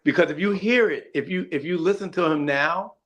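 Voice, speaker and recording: Higher-voiced man, hesitant podcast co-host. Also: fairly quick, a bit bright. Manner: hesitant, repeats words while sorting thoughts. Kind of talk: casual podcast discussion.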